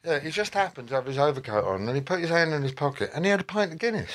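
A man, an interview guest telling rambling, animated anecdotes full of quoted voices. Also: on the high side, rapid-fire, noisy background. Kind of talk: anecdotal storytelling.

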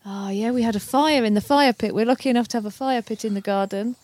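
A woman's voice: a little high, quick pace, a little mellow, no room sound. A woman, a parent, recapping the day's activities with her child and coaxing answers with tag questions.

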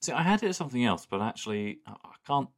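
A man's voice: medium pitch, big pitch swings, fast talker. A man co-hosting a podcast in casual chat, easygoing and rambling, often restarting his sentences. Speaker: podcast co-host.

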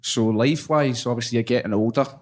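Lively young Scottish podcast host. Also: male voice, mid-range voice. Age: young adult. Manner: lively, laughing, quick and animated storyteller. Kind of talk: casual chat, storytelling.

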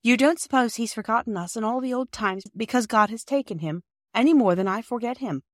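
A woman reading a storybook aloud, voicing a gentle, loving Victorian mother who speaks with soft, tender reassurance. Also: on the high side, fairly quick, no room sound, studio quality, voice pushed up, natural voice. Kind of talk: audiobook character voice.

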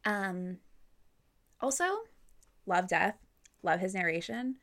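A woman's voice: fairly low pitch, slow pace, fairly bright tone. A young woman co-hosting a casual podcast about a book, blunt and joking, swearing freely. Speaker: podcast co-host. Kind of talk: casual book-club chat.

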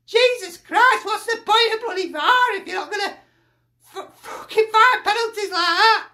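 A woman's voice: very high-pitched, moderate pace, bright, forceful tone. A woman delivering an exasperated, sweary fan reaction, sighing and grumbling.

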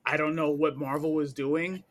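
A man's voice: on the high side, fairly even intonation, normal speed. A man co-hosting a podcast, recommending comics in an enthusiastic, emphatic casual way. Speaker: podcast co-host.

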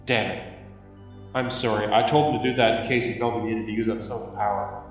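A man voicing a tired, loving husband who speaks low and soft. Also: steady tone, fairly quick, heavy reverb, faint music behind, lightly acted. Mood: weary. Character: weary, loving husband far away. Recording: slightly dull recording.

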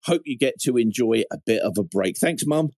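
A man's voice: medium pitch, animated, fairly quick, dark tone, no room sound. A man hosting a fan podcast, reading listener messages aloud with wry, chatty asides and plenty of self-interruptions. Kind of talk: casual chat.

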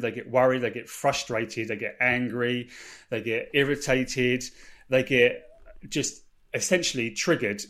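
A man talks through sleep advice in a relaxed podcast conversation. He explains patiently, piling up rephrasings and lists. His pitch sits in the middle for a man. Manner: explanatory, repeats and rephrases points. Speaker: sleep expert. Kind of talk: casual podcast chat.

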